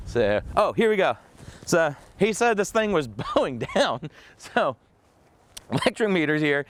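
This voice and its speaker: A man narrates a casual walk-through of his rental units. His voice sits on the high side and jumps around in pitch. He tells things like an animated story and laughs often. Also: a little slow, slight background noise. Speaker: real estate investor touring his property.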